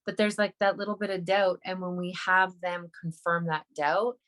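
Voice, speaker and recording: A woman's voice: fairly low pitch, flat delivery, moderate pace, fairly bright tone. A woman co-hosting a podcast in casual, reflective chat, often filling her talk with "like". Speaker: podcast co-host.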